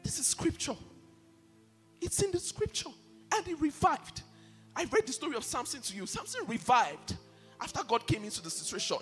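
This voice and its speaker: Impassioned male pastor, sermon delivery, very lively pitch, long hall reverb. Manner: impassioned, repeats key phrases for emphasis. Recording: reverberant hall with faint music behind.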